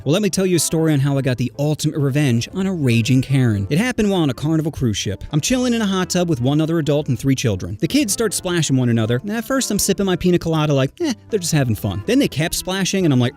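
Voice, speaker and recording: A man's voice: fairly high pitch, darkish tone. A young man telling crude, mocking comedy stories from a script in a brash, punchy way. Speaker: comedy storyteller. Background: faint music.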